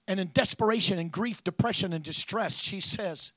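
A man preaching a sermon dramatically, swinging from hushed tones to shouts and peppering his lines with amens. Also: high voice, moderate pace, few pauses, dry recording.

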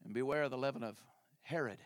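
A man's voice: medium pitch, fast talker, no echo, clean studio sound, natural voice. A man voicing a patient, chiding teacher.

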